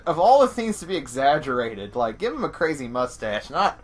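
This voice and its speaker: A man hosting a casual podcast chat, rambling with many restarts and getting excitable. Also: mid-range voice, normal speed. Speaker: podcast host.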